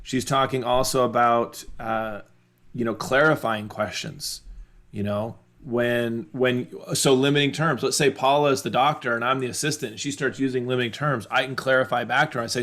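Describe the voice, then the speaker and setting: A man's voice: mid-range voice, steady tone, normal speed, fairly bright tone. Emphatic male coach at a seminar. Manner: emphatic, repeats key phrases. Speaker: dental practice coach.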